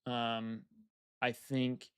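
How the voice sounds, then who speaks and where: A man's voice: mid-range voice, monotone, very slow, smooth, no echo, studio quality. A young man chatting casually on a live stream, thinking aloud and repeating phrases as he weighs his choices.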